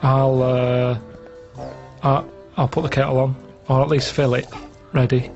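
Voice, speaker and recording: A man talks casually in a level, mid-pitched voice, recounting small daily routines with flat, unbothered delivery. The audio is slightly muffled, and music plays clearly underneath. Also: a little slow. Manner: flat, matter-of-fact storytelling. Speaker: podcast regular. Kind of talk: casual chat.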